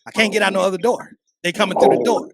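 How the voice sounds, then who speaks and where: A man co-hosting a podcast, telling a story in a casual, profane, animated way. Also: high-pitched, quick pace, crowd noise. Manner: animated, profane, acts out quotes. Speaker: podcast co-host.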